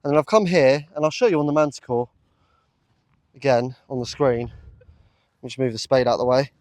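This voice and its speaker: A man talking casually to camera while metal detecting in a field, chatty and easily excited, with lots of fillers. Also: medium pitch, normal speed, no room sound. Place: open field outdoors.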